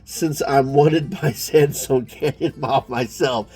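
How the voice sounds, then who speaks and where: Folksy comic-book cowboy with a Southern US drawl, mellow tone, read by a man. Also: mid-range voice, slow pace, slightly rough. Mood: wry. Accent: put-on Southern US. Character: drawling Old West cowboy hero, man.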